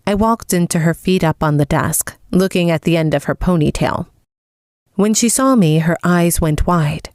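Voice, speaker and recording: A woman narrating a first-person audiobook with a calm, even delivery. Her voice sits on the lower side, recorded dry and close with no room sound. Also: normal speed, dry recording.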